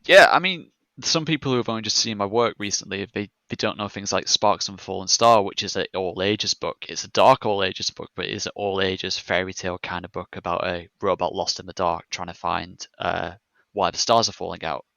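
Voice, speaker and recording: Low, bright-toned male artist guest. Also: fairly quick, gravelly, no echo. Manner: self-described one-tone baritone, steady, thoughtful. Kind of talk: casual chat.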